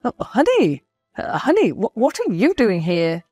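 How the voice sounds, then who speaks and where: A woman's voice: lowish voice, sing-song, moderate pace, a little mellow, dry recording, faint music behind. A woman voicing an evasive, nervous husband who stammers and gets defensive in a spoken story. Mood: flustered.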